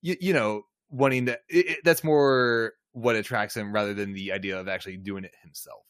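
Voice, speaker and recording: A man co-hosting a podcast, talking in a laid-back way and trailing off softly. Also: lowish voice, fairly quick, no echo, clean studio sound. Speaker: podcast co-host. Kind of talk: casual chat.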